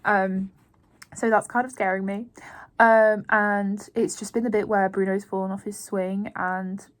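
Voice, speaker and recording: A woman's voice: medium pitch, flat delivery, measured pace. Chatty woman vlogger. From Yorkshire, England. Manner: chatty, heavy use of "like", openly emotional about the book. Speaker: book vlogger and author. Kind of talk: casual reading update.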